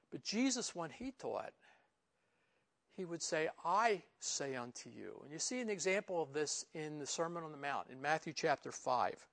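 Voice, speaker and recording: A man gives a relaxed, verse-by-verse Bible teaching in a voice that sits a little higher than most men's. He talks informally, often saying "you know," and gets louder and higher when he stresses a point. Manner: rises in pitch and volume for emphasis. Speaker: pastor.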